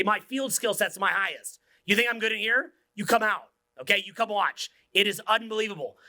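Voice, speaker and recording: High-pitched forceful seminar coach in his forties, profane, swings whisper to shout. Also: dry recording, studio quality. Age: 40s. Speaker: dating coach. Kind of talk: motivational seminar talk.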